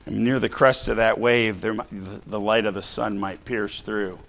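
A middle-aged male preacher with a gravelly, fry-laced voice sitting a little low. He tells his story in a storyteller's way, sometimes dropping soft, sometimes rising loud, and slows right down to land a point. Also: steady tone. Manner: storytelling, varies loudness, slows for emphasis. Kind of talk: sermon with personal story.

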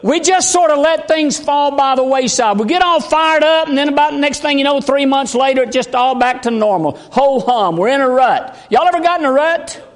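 Pastor, high-pitched man, fervent folksy preaching, reverberant sanctuary. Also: brisk. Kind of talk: sermon. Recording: long hall reverb.

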